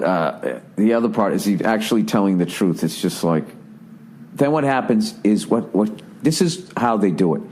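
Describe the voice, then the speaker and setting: A man's voice: fairly low pitch, a little mellow. A man hosting a podcast, delivering a profane, sarcastic, exasperated comedic rant in a casual monologue. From United States. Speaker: podcast host.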